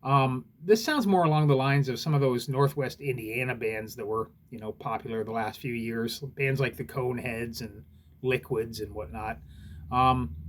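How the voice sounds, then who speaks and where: A man's voice: mid-range voice, a little hiss or hum. Laid-back man rambling about records. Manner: laid-back, rambling, with frequent fillers and swearing. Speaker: record reviewer. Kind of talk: casual spoken review.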